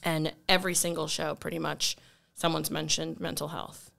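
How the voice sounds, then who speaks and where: A woman's voice: low voice, little pitch movement, normal speed, creaky, a bit bright. A woman co-hosting a podcast in a chatty casual way. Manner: chatty, laughing easily. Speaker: podcast co-host.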